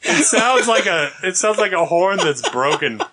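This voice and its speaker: A man hosting a podcast in casual chat, telling animated stories and laughing often. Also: high voice, normal speed, very noisy.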